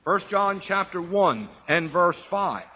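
A man preaching an expository Bible sermon, slowing to stress key phrases and answering his own rhetorical questions. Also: high voice, animated, bright, forceful tone, muffled recording.

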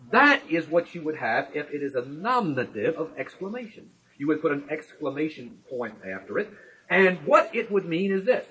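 A man teaching a sermon on scripture in a deliberate, emphatic way, slowing down to stress key words and explaining step by step. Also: sits high, a bit bright, husky, low-quality recording. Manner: explains step by step with everyday illustrations. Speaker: Bible teacher.

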